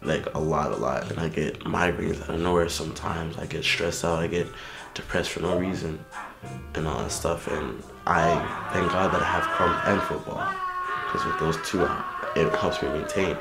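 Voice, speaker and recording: A man, a krump dancer, telling his story in an interview, lively at times and subdued at others. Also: moderate pace, creaky, loud music behind the voice. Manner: animated when telling battles, low and subdued about his past. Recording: roomy echo.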